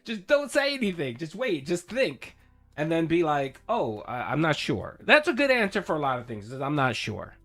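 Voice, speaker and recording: Brief: male streamer, lively rising-and-falling delivery, casual reaction commentary. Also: fairly high pitch, moderate pace, soft background music. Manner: animated, swears, laughs. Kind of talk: casual commentary over a clip.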